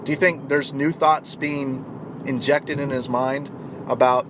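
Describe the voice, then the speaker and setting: Man, motivational storytelling, animated, acts out quotes, traffic noise behind. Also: medium pitch, measured pace.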